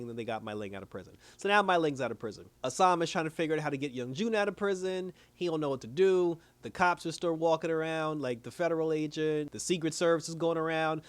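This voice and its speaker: A man in casual chat, retelling a story in loose slang at a middling pitch. He acts out the characters' lines and keeps chuckling between them. The sound is close and dry, with no room echo. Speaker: TV episode reviewer.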